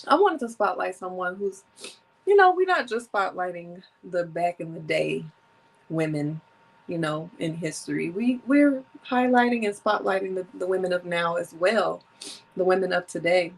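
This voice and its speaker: A woman's voice: fairly low pitch, expressive, moderate pace, creaky, low-quality recording. A woman in her thirties hosting a solo podcast, chatting casually and reading from her notes, with a runny nose from allergies. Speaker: podcast host.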